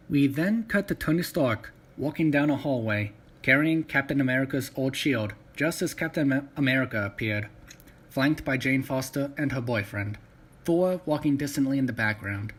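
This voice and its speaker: A man reading his own fan fiction story aloud in a plain, even manner. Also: fairly low pitch, moderate pace.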